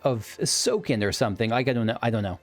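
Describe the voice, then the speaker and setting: A let's play host with a mid-range voice talks fast as he plays a video game, with soft music in the background. His casual commentary is enthusiastic and rambling, and he often breaks off mid-sentence.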